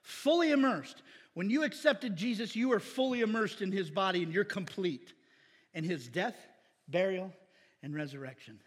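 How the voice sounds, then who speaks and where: A man pastor preaching a casual, animated sermon in a church, with shouted bursts. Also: high voice, moderate pace, slightly rough, big-room sound. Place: church sanctuary.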